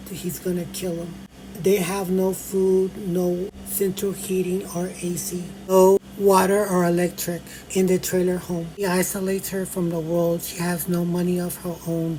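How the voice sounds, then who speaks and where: An older woman giving a personal account of her dealings with officials, in a flat and insistent way. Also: fairly low pitch, a little hiss or hum, rough recording. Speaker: grandmother recounting a complaint. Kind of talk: personal account read aloud.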